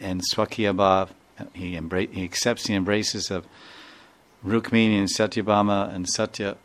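A man speaking as a spiritual teacher, giving a devotional talk full of storytelling and repeated phrases. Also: low voice. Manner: warm storytelling with repeated phrases and quoted dialogue.

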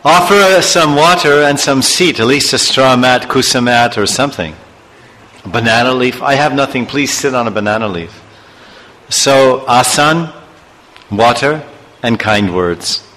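Male preacher, bright tense tone, digressive storyteller, echoey hall. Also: mid-range voice, unhurried. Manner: digressive, chuckling asides and chanted verses. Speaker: spiritual teacher. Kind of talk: storytelling sermon.

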